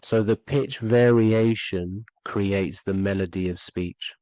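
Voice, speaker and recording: A man's voice: fairly low pitch, fairly even intonation, slow, a little mellow, dry recording, low-quality recording. A man teaching voice and speaking skills on a podcast, earnest and repeating key points for emphasis. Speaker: communication skills coach. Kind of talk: instructional podcast talk.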